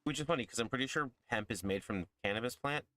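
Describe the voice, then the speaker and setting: A man's voice: mid-range voice, fast talker, pushed and bright. A man talking casually and wryly about his game as he plays with a friend. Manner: wry, commenting on his play. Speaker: co-player. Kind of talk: casual gaming chat.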